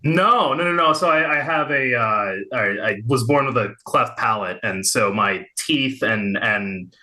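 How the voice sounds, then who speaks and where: Bright-toned hesitant man. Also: mid-range voice, unhurried. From Little Rock, Arkansas. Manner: hesitant, many fillers and restarts. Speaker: comic writer guest. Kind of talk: casual interview chat.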